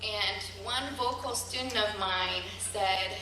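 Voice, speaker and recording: A woman's voice: medium pitch, bright, forceful tone, a little hiss or hum. Earnest woman speaking from far in a hall. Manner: earnest, halting, with ums. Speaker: teacher speaking at a gathering. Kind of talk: emotional speech to an audience. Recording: echoey hall recorded from far.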